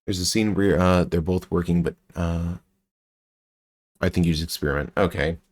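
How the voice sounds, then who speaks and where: A man from the United States with a General American accent and a low voice speaks at normal speed with fairly even intonation. He's streaming a game playthrough live, thinking aloud as he works through clues.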